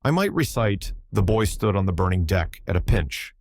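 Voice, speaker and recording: A man's voice: sits low, very animated, normal speed, a little hiss or hum. A man as a dry, wry young tour guide.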